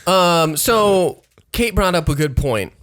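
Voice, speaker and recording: A man's voice: sits high, takes it slowly, no echo. A man co-hosting a casual comedy podcast, telling stories with acted-out quotes and frequent laughter. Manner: animated storyteller, acts out quotes, laughs often. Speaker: podcast co-host.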